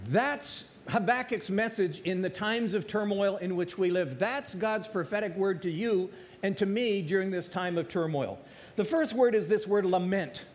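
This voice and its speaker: A pastor preaching a sermon, building emphasis through repeated phrases and slowing on key words. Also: male voice, sits high. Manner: preaching with rising emphasis and repetition.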